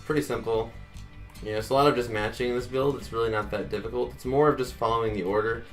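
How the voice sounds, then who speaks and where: Fast, gravelly man narrating a tutorial. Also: medium pitch, fairly even intonation, soft background music. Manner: chatty, addresses viewers as guys, counts blocks aloud. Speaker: Minecraft tutorial host. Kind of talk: casual building tutorial narration.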